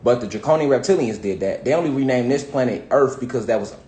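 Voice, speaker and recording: A spiritual teacher with a mellow, mid-range voice talks quickly with lively intonation. His casual lesson from home rambles, full of profanity and the repeated phrase "you know what I'm saying." Roomy echo colors the recording.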